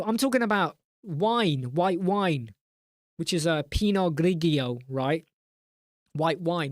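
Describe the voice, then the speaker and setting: A man's voice: fairly high pitch, lively intonation, a little slow, long pauses, no echo, studio quality. A man hosting a casual live chat, rambling and joking, reading out viewer names in a mock-exasperated way. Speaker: live stream host.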